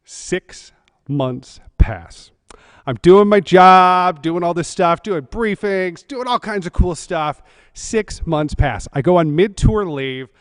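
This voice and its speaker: A man's voice: sits high, expressive, takes it slowly, big-room sound. Man telling a funny story. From California. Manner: humorous, self-deprecating storyteller. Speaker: church service speaker. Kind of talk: personal story in a church service.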